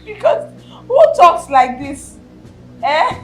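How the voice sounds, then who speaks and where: A woman's voice: sits high, very animated, slow, soft background music, exaggerated voice. A woman playing a young onlooker who giggles and mocks someone. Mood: mocking. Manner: giggling, mocking.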